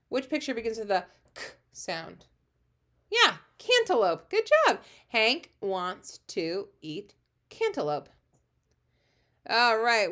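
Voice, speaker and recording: A woman teaching a phonics lesson to young children, encouraging and animated, slowing down to read sentences aloud. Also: medium pitch. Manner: encouraging, animated, slow when reading aloud.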